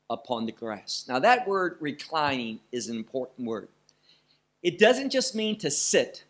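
A male Bible teacher preaching in a lively voice that swings widely in pitch. He speaks slowly and deliberately, leaning hard on single words and letting pauses hang between them.

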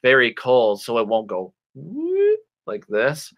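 A man at medium pitch runs a playful online English class for children, reading a storybook. He acts out words with slow, clear, animated speech.

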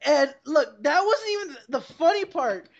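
A woman's voice: high-pitched, big pitch swings, unhurried. A young woman hosting a podcast, telling a story in a rambling, profane way and laughing along. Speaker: podcast host. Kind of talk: casual storytelling over a call. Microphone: computer call mic. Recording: dull lo-fi call audio.

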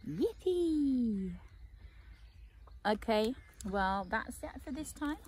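A young woman reading a children's picture book aloud in a gentle, expressive way as host of her channel. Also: on the low side, unhurried, slightly rough. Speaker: children's story reader.

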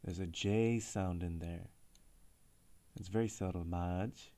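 A man teaching a short language lesson, explaining in an upbeat, clear way and repeating example words. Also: deep voice, fairly even intonation, a little slow, mellow.

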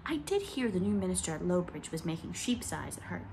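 A blunt older village gossip from a storybook, read by a woman. She speaks briskly and disapprovingly, a touch above the reader's own voice, with a faint hiss behind. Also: fairly low pitch, very animated, creaky, darkish tone.

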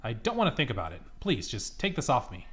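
A man voicing a grieving father in a video game who speaks haltingly and trails off. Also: mid-range voice, huge pitch swings, fairly bright tone, faint music behind.

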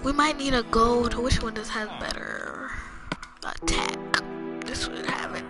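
A young woman giving a rambling, casual walkthrough of a video game, talking low with a sore throat and sudden loud bursts. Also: steady tone, measured pace. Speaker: gamer. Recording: loud music behind voice.

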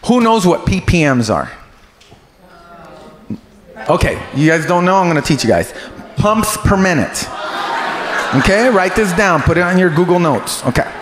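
A male stand-up comedian doing crude crowd work in a club, loud and teasing and often breaking into laughter. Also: high-pitched, very animated, normal speed, pauses often. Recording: noisy live club.

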